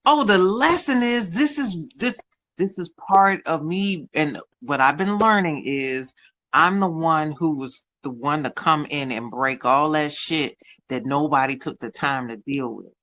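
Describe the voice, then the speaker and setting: Animated, bright-voiced storyteller woman. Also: sits low, a little slow. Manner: animated, profane, acts out quotes in shifting voices. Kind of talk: casual storytelling chat.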